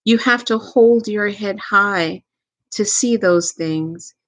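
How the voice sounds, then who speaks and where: At a medium pitch, a woman with a Southern accent acts as a medium for a live tarot reading. She speaks gently, takes her time, repeats herself, and gives the odd soft laugh.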